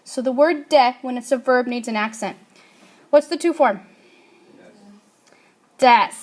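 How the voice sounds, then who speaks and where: A woman's voice: a little high, a little slow, a little mellow. A woman teaching a Spanish grammar lesson, asking her class questions and answering them herself.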